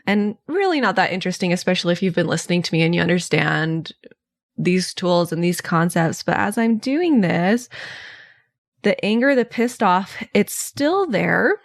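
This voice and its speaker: A woman's voice: mid-range voice, dry recording. A woman hosting her own podcast, talking candidly and chattily about a grumpy morning, with the odd laugh. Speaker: podcast host. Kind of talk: casual solo podcast monologue.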